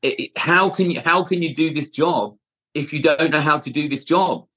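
A man who works as a personal trainer, a guest in a casual interview. His voice is husky and sits a little high. He talks earnestly, restarts often and swears casually as he makes his case. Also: normal speed, pushed and bright.

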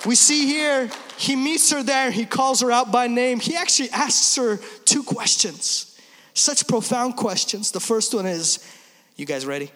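A man in his thirties preaches an Easter sermon, his voice sitting very high for a man. He drives points home with emphasis, then slips into quick humorous asides. Long reverb trails behind him in a large church hall. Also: bright, forceful tone. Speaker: pastor.

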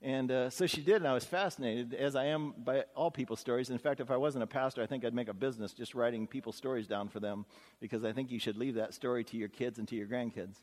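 A man's voice: mid-range voice, fairly even intonation, fast, darkish tone. A middle-aged man preaching as pastor, telling stories in a folksy, earnest, chatty way full of 'uh' and 'you know'. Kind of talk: conversational storytelling sermon. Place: church sanctuary. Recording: long hall reverb in a church.

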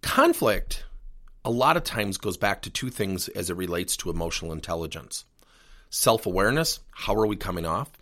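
A man's voice: sits low, normal speed. A middle-aged man hosting a leadership coaching podcast, talking earnestly to listeners. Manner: animated, earnest coaching delivery. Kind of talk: solo podcast talk.

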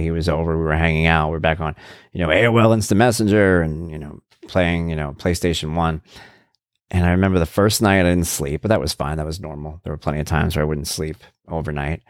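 A man in his thirties hosts his own show, a blogger and podcaster with a deep voice and a steady tone who talks fast. He gives a candid, reflective personal monologue full of fillers and restarts, recorded dry with studio quality.

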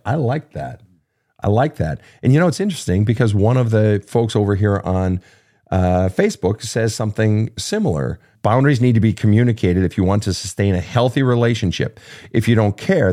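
A man hosting a live advice talk show, answering listener questions in a blunt, profane and emphatic way. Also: on the low side. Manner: animated, acting out emotional outbursts. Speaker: podcast host.

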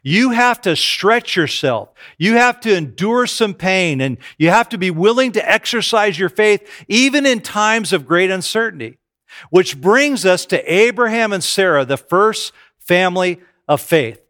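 A man's voice: high-pitched, animated, measured pace, a bit bright. A middle-aged man preaching a sermon, telling self-deprecating stories to his congregation. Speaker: pastor.

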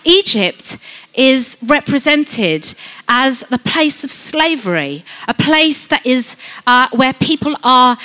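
Woman giving a sermon, high voice, chatty, lots of questions to the crowd. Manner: expressive, acts out voices of fear with sudden high shouts; conversational, asks rhetorical questions. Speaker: preacher.

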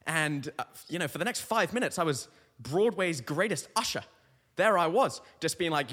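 A man's voice: fairly high pitch, expressive, brisk, a bit bright, in a large hall. A young man hosting a comedy podcast, telling meandering, self-mocking stories full of tangents. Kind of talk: rambling comic monologue.

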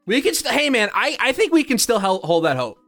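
A young adult man co-hosting a podcast, excitable and laughing, swearing freely. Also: very high-pitched, fairly quick, faint music behind. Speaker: podcast co-host. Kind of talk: casual podcast banter.

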